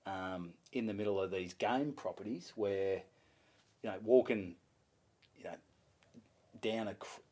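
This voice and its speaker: Animated Australian man telling a story. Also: deep voice, unhurried, pauses often. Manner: animated, swearing, acts out voices in his stories. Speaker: comedian guest. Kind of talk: casual storytelling chat.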